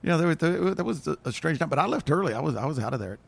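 A man as a podcast guest, chatting in a relaxed and hesitant way. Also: fairly high pitch, racing, creaky. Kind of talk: casual chat.

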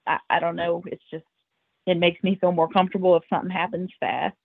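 Woman podcast guest, husky and raspy, earnest storyteller, thin phone-line sound. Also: fairly low pitch, level tone, fast, no echo. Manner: earnest, emotional, tumbling restarts. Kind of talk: animated first-person storytelling. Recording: tinny phone-like line, dry.

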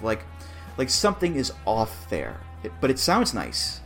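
A man's voice: mid-range voice, wildly swooping pitch, a little slow, gravelly, fairly bright tone. Man, podcast co-host, casual chat, analytical, reassuring, faint music behind. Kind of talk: casual chat about wrestling theme songs.

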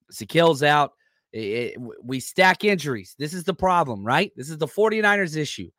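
Energetic man hosting a live sports podcast. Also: mid-range voice, dry recording, clean studio sound. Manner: energetic, loose, reads chat comments aloud. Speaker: podcast host.

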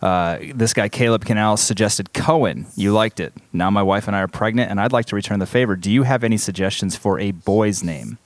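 A man reads out listener messages on a podcast in a plain, matter-of-fact way. His voice sits fairly low. The recording is dry and close. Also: fairly quick, few pauses, dry recording. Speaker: podcast co-host.

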